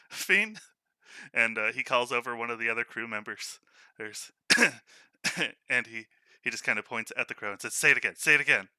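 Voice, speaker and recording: A man's voice: medium pitch, bright, forceful tone, clean tone, dry recording, studio quality. A man narrating a tabletop game as game master, laughing often between lines. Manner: chuckles often while narrating.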